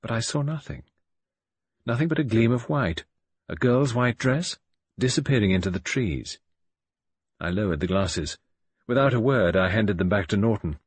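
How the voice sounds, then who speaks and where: A man's voice: lowish voice, expressive, normal speed, pauses often, slightly rough, no echo. A man narrating an audiobook in the first person, reading dramatically and expressively.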